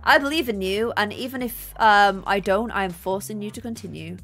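A young woman streaming a building game, chatting casually and excitedly thanking her viewers. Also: mid-range voice, moderate pace. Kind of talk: casual gameplay livestream chat. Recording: faint music behind.

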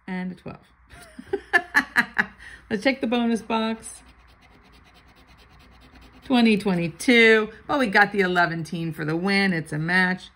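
A woman's voice: mid-range voice, slow pace, pauses often, sharp tone, low-quality recording. An older woman reading out lottery numbers and chatting playfully as she scratches tickets, sometimes muttering under her breath. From Florida. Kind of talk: casual chat while scratching tickets.

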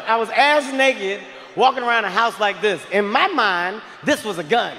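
A male stand-up comedian telling a story to a large live crowd, animated and shouting in bursts. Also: high-pitched, moderate pace. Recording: live hall reverb, faint noise.

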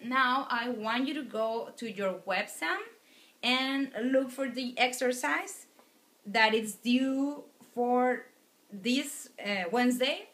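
A woman teaching a language lecture in a slow, unhurried way, repeating each word so students can follow. Her voice is bright and a little high, and it echoes around the room. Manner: patient, repeats words for students. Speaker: Spanish teacher. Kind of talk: recorded classroom lecture.

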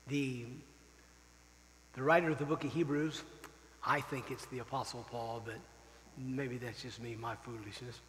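A man's voice: medium pitch, steady tone, normal speed, pauses often, fairly bright tone, in a large hall, rough recording. A man who is a missionary pastor preaching a farewell sermon, earnest and openly emotional, repeating phrases for emphasis. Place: church sanctuary.

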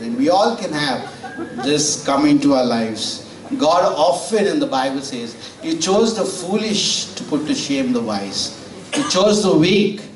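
A man preaching a sermon in a conversational way, telling stories and asking the congregation questions. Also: on the high side. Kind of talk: sermon with storytelling. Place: church sanctuary. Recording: roomy church audio from far off.

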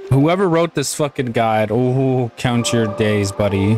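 Slow-talking exasperated gaming host, man. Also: mid-range voice, animated, music in the background. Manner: exasperated, swears and laughs at himself. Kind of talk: gameplay commentary.

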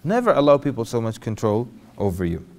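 A man preaching an animated lecture to an audience, asking them questions and acting out quotes. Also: mid-range voice, a little fast. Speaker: Islamic preacher. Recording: hall reverb.

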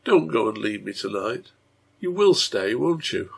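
A man voicing a gentle, pleading, sick little girl in a read-aloud story, with a husky, gravelly voice. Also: lowish voice, big pitch swings, measured pace, exaggerated voice.

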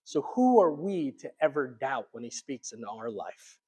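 A man preaching a sermon as pastor, conversational, swinging between quiet asides and loud emphatic peaks. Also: medium pitch, big pitch swings, normal speed, slightly rough. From United States. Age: adult, childhood long past.

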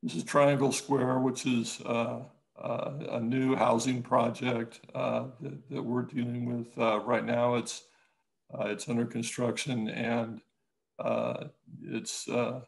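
A man, an architect, talking casually in an interview, halting with many restarts and growing lively when he tells a story. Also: medium pitch, vocal fry, low-quality recording. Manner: halting, many restarts and fillers, animated when telling stories.

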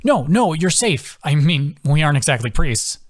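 A man voicing an injured young man who jokes wryly through breathy exhaustion, in an audiobook. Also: fairly high pitch, big pitch swings, moderate pace, voice pushed up. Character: injured young man, wry joker, weak.

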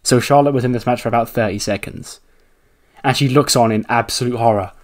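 A man's voice: mid-range voice, brisk. A man casually narrating a wrestling simulation playthrough, chatty and loose, laughing and swearing as he goes.

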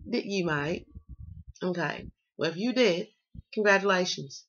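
Speaking with a Southern US accent, this woman reads tarot in playful, slangy casual chat and doesn't hold back on cussing. Her voice is lowish, unhurried, and fairly bright in tone, though the lo-fi recording sounds dull.

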